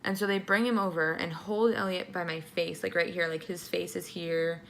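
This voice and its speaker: A woman's voice: fairly low pitch, steady tone, normal speed, fairly bright tone, a little hiss or hum. A young woman vlogger telling a candid personal story, blunt and emotional, swearing freely and acting out what others said.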